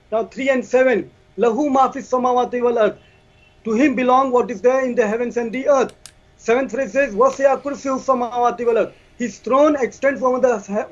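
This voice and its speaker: A man argues his case in a debate, recites scripture in Arabic and keeps asking rhetorical questions. His voice sits very high. The stream audio is dull and lo-fi. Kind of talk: debate presentation.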